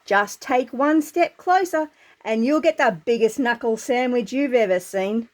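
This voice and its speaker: A woman's voice: fairly high pitch, unhurried, close to an everyday voice. A woman with an Australian accent voicing a boastful giant warrior who mocks and threatens. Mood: mocking. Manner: mocking, boastful. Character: mocking giant male warrior.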